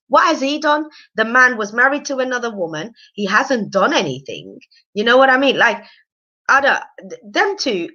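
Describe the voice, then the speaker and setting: Animated woman ranting about a show. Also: a little high, muffled recording. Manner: animated and opinionated, rambling with fillers. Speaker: show recap vlogger. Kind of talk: casual live-stream reaction chat.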